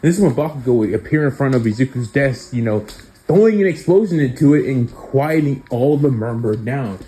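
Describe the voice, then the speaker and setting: A man's voice: medium pitch, animated, a little fast, warm tone, rough recording. A man casually telling a fan-made story, rambling with many fillers.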